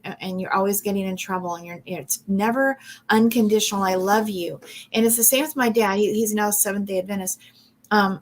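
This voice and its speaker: A woman giving a personal testimony on a talk show, animated and acting out her own reactions as she tells the story. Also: fairly high pitch.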